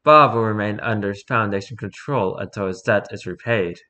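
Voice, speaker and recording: A man reading a horror document aloud in an even, report-like narration. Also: fairly low pitch, normal speed. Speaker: reader.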